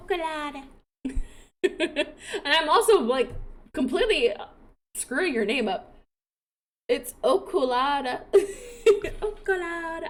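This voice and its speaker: A young woman with a high, bright-toned voice commentates her game in a loose, chatty way. She laughs often and apologizes a lot to the characters on screen. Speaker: gaming streamer.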